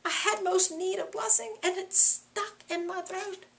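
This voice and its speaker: A woman reading aloud the part of a guilt-stricken, shaken nobleman who has just killed his king, in a high, bright voice. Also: steady tone, unhurried, vocal fry, full character voice. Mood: anguished. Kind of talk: reading a play aloud in class.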